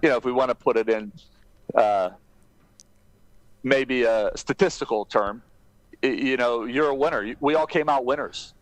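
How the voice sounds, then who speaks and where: A man being interviewed as a guest on a podcast, telling stories and giving advice in an animated, emphatic way. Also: normal speed, pauses often, no echo, low-quality recording. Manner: animated, emphatic storytelling that rises in pitch at exciting moments. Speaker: guest, keynote speaker.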